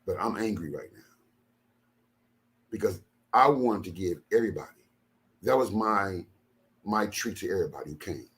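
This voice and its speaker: Deep-ish voiced guy preaching at his people, keeps repeating lines, goes quiet then loud. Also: animated, moderate pace, pauses often. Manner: emphatic, repeats phrases, swings from low and quiet to loud bursts. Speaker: minister. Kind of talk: impassioned talk to followers.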